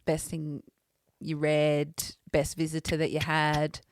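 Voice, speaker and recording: A woman co-hosting a podcast, telling an animated story in casual chat and laughing often. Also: sits low, slow pace, no room sound, clean studio sound. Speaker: podcast co-host.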